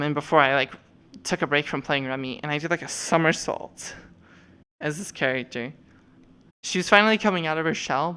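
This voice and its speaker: Young woman streamer, casual rambling chat, low voice, smooth tone, swears freely. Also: fairly bright tone. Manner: rambling, lots of fillers and profanity. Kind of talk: casual chat while showing avatars.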